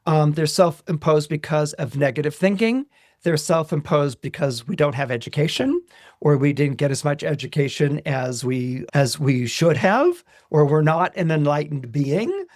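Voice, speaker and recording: Measured man explaining horoscopes, dry sound. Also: a little high, animated, darkish tone, no room sound. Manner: deliberate, often checks in with "okay?"; slows down on emphatic phrases. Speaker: astrologer.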